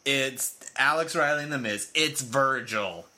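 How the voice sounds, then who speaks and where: A man co-hosting a casual podcast chat, playful and quick to laugh with jokey asides. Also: mid-range voice, sharp tone. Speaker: podcast co-host. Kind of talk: casual chat about wrestling.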